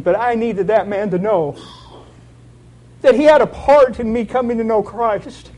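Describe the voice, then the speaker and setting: A man's voice: high voice, moderate pace, a little mellow, poor audio. A man giving an earnest, heartfelt sermon with a personal testimony. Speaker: lay preacher.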